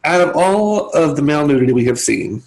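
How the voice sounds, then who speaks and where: A man's voice: on the high side, expressive, brisk, vocal fry, a little mellow, low-quality recording. A man co-hosting a podcast, retelling a movie plot in casual chat with wry asides and laughter. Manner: chatty storyteller, wry, laughing. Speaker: podcast co-host.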